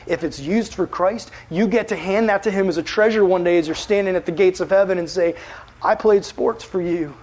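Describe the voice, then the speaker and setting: A man preaching a casual, animated sermon as a youth pastor, full of filler words. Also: sits high, fairly quick, low-quality recording.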